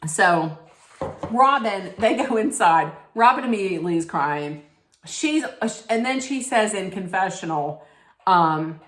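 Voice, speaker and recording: A woman's voice: medium pitch, animated, a little slow, echoey room. A woman giving a snarky, blunt recap straight to her viewers, emphatic and sarcastic. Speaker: reality TV recap vlogger.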